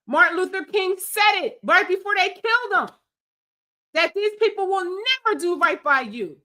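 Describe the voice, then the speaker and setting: A woman's voice: extremely high pitch, animated, normal speed, pushed and bright. A woman streamer giving heated, scolding political commentary in an emphatic rant. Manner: angry, scolding, emphatic rants.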